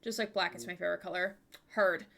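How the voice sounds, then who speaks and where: A woman's voice: fairly low pitch, fairly even intonation, quick pace, gravelly, fairly bright tone. A young woman streaming live, chatting with viewers in a bubbly, giggly way at a desk microphone. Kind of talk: casual live-stream chat.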